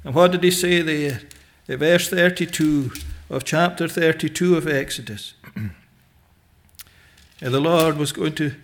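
A man preaching a sermon in a slow, deliberate way, pausing often with "eh" and quoting old scriptural phrasing. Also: fairly high pitch.

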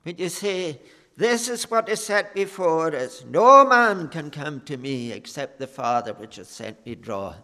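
A man preaching a sermon in an earnest, unhurried way, pausing often with fillers. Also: on the high side, sing-song, sharp tone, in a large hall. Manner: slow, earnest preaching with many pauses and fillers.

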